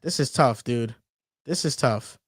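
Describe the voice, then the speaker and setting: A man hosting a casual sports debate show, talking in an animated, teasing, emphatic way. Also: mid-range voice, unhurried, slightly rough, no echo, studio quality. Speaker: sports talk show host.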